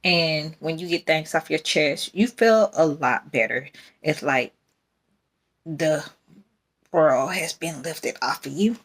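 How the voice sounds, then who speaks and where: Slow-talking rambling woman podcaster. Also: low voice, slightly rough. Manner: rambling, candid, laughs often. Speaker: podcast host. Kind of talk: casual faith talk.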